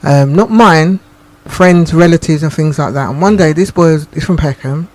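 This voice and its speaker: A woman co-hosts a radio talk show in a low, somewhat dark voice at normal speed. She makes her points emphatically, repeats them, and checks that she's understood by asking "do you understand?"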